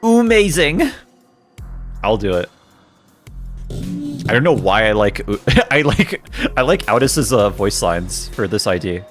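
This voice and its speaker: A man's voice: lowish voice, animated, unhurried, pauses often, fairly bright tone, soft background music. A young man streaming games, reading chat aloud and joking with his viewers. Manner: joking, reads chat aloud, frequent laughter. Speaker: game streamer. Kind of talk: casual chat while streaming.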